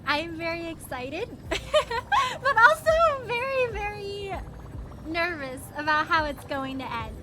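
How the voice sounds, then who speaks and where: Over game music, a woman streamer chats casually with her live chat, greeting viewers by name in a very high, sing-song, slow voice. She's bubbly and giggly, though her voice is still recovering from strain.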